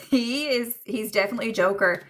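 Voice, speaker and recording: A woman's voice: fairly high pitch, animated, a little fast, a bit bright. A woman giving a medium reading on a livestream, chatty and hesitant, with lots of fillers and frequent laughter.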